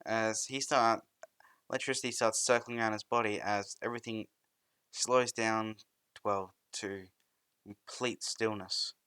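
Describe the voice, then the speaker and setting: A young man tells a fan-fiction story in a rambling, improvised way, full of restarts. His voice is bright and forward. The recording is dry and close. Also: on the low side, steady tone, measured pace, clean tone, dry recording.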